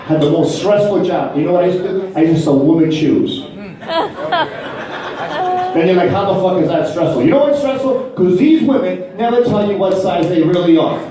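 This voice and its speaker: A man's voice: high-pitched, animated, a little fast, hardly any pauses, very echoey, distant mic, crowd noise, rough recording. Brash profane man doing stand-up. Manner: brash, profane, acts out voices. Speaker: stand-up comedian. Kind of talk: stand-up comedy set. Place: comedy club stage before a laughing audience.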